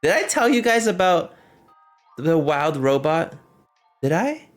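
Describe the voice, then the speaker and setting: A man's voice: a little high, big pitch swings, measured pace, faint music behind. A man livestreaming, chatting casually with his viewers and laughing often as he reacts to chat.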